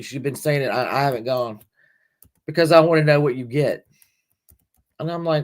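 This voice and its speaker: A woman's voice: a bass voice, measured pace, long pauses, darkish tone. A middle-aged woman hosting a livestream, chatting casually with viewers in a rambling way, laughing often and swearing lightly. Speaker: livestream host.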